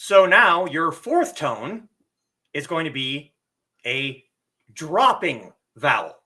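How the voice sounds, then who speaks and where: A man giving a live-streamed lesson, explaining slowly and deliberately and drawing out his spoken examples. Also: fairly high pitch, very animated, sharp tone. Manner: reads viewer comments aloud. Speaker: teacher and streamer.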